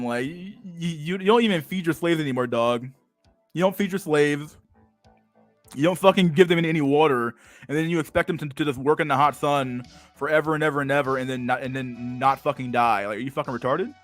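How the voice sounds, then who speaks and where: Reacting to his chat during a casual stream rant, this man swears freely, laughs a lot, and stammers through repetitions. His voice is mid-range, in a dry recording.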